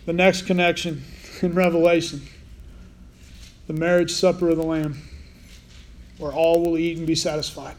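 Here a man with a slightly high voice delivers a conversational Bible sermon at a moderate pace, his delivery flat and broken by long pauses. He keeps things informal and asks his listeners questions along the way.

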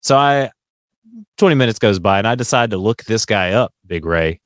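A man with a low voice tells a long story in casual chat, rambling and restarting as he goes. His voice sounds dry and close, and he comes through a remote call mic. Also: lively intonation, moderate pace, fairly bright tone, no echo. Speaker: podcast co-host.

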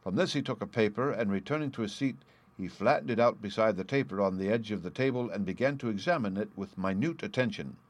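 A man narrating a classic story in the first person, reading in a measured, formal way. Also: on the low side, no echo. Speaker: audiobook narrator.

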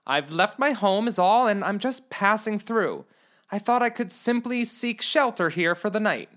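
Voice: mid-range voice, animated, normal speed, fairly bright tone, voice pushed up, lightly acted. A storyteller voicing a puzzled, practical young woman in a comedy storybook, speaking dryly and patiently and asking pointed questions. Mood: bemused. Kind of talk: storybook reading.

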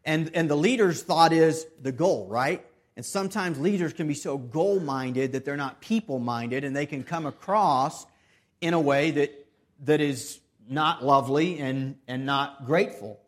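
A man preaching a sermon earnestly, with restarts and repeated phrases, swinging between loud emphasis and soft, hushed stretches. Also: a little high, a little slow. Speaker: pastor.

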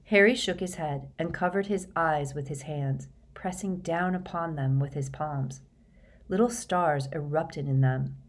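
Low-voiced woman narrator, steady measured audiobook reading. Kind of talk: scripted narration.

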